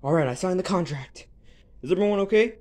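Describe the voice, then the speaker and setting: An amateur performer voicing all the characters of a homemade fan drama, excitable and full of exclamations and hesitant fillers. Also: medium pitch, brisk, slight background noise.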